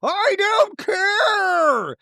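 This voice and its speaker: A man putting on the voice of a tearful, dramatic woman reality star in a high wailing falsetto with sobbing shouts. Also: very animated, very slow, no room sound, clean studio sound, exaggerated voice.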